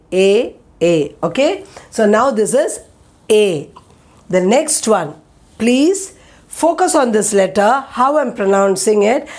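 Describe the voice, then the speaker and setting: A woman's voice: on the high side, darkish tone. A woman teaching letter sounds in a recorded lesson, patiently repeating each sound and checking with "okay?". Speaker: Hindi teacher.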